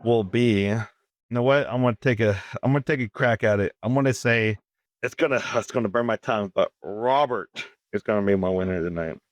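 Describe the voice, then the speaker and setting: A man's voice: fairly low pitch, fairly quick, no room sound. Joking male podcast co-host, dry sound. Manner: joking storyteller with swearing, and repeats words as he talks. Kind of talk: casual podcast banter.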